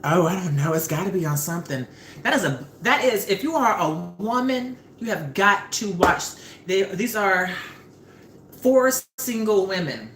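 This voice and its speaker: A young woman hosting a casual livestream while cooking, an animated, chatty storyteller who swears freely. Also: mid-range voice, normal speed. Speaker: livestream host. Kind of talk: casual live-stream chat while cooking. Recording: roomy with faint background noise.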